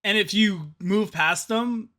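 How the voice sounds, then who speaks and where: A man's voice: high-pitched, slow pace, bright, forceful tone. A young man co-hosting a casual gaming podcast, ranting jokingly and laughing often. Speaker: podcast co-host.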